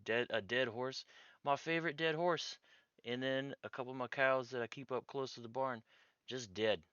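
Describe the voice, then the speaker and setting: A man voicing a suspicious, gruff middle-aged farmer with a Brooklyn accent, grumbling and complaining. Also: medium pitch, moderate pace, a bit bright, no echo, dull audio, pitched above the performer's own voice, lightly acted. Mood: bewildered.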